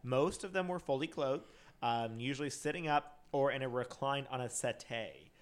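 A man's voice: medium pitch, normal speed. Man, podcast host, reads crime notes, trips over words, casual. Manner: reads notes with stumbles and restarts, laughs often. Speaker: podcast host reading a true crime case. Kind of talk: casual chat.

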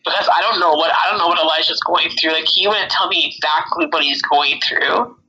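A woman opens up in a halting, emotional way, her sentences full of fillers and restarts. Her voice is very bright and sharp. The recording sounds dull and low-fidelity. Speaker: mother sharing her story. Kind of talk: emotional casual conversation.

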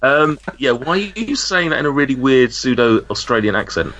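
A man co-hosting a podcast in casual chat, jokey with quick quips. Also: mid-range voice, very animated, highs cut off, heavy background noise. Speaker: podcast co-host.

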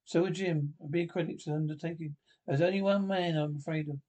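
A man voicing a level-headed middle-aged country doctor in a storybook reading, speaking in a measured, dry way. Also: a little high, steady tone, mellow, close to an everyday voice. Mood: resolved.

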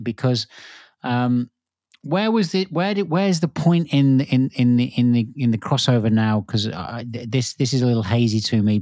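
Male podcast host, medium pitch, dry close sound, searching questions. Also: darkish tone, no echo. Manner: rambling, searching questions with restarts. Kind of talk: interview questions.

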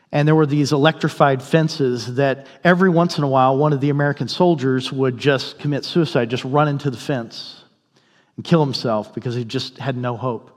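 A male pastor telling a story in a sermon, in a conversational way, and briefly voicing the people in it. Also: medium pitch. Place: church sanctuary. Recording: long hall reverb.

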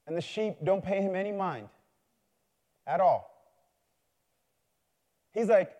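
A man's voice: high voice, normal speed, pauses often, dark tone. A man preaching a sermon, telling a story in a loose, conversational way and building to fervent appeals.

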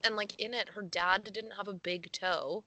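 A woman's voice: mid-range voice, steady tone, normal speed, crowd noise, poor audio. A young woman co-hosting a casual podcast, reading a news story aloud with frequent giggles and casual swearing. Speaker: podcast co-host.

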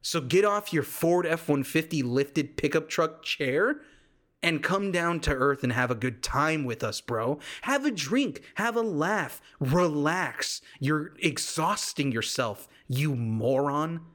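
A man's voice: fairly high pitch, expressive, takes it slowly, fairly bright tone. A man voicing a laid-back young male surfer from California with a California surfer accent, drawling and calling everyone dude and bro. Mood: ranting. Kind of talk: comic impression on a podcast.

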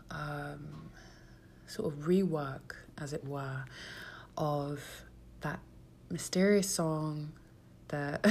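A woman with a low, gravelly voice talks loosely to her viewers as a musician and creator. She rambles and mocks herself, and she keeps sinking into hushed whispers for asides. The tone stays casual and personal throughout. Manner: rambling, self-mocking, drops to whispers. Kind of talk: casual personal vlog talk.

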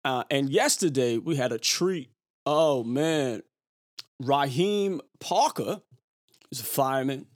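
A man hosting a podcast, chatting casually in an animated, rambling way with lots of fillers. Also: mid-range voice, takes it slowly, dry recording, clean studio sound. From Brooklyn. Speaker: podcast host. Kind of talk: casual chat.

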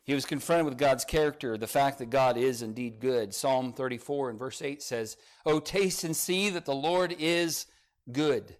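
A man preaching a sermon, rising to emphatic peaks and dropping to quiet, soft passages, and reading scripture aloud. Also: mid-range voice, fairly even intonation, moderate pace. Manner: reads scripture in old-style phrasing. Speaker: pastor.

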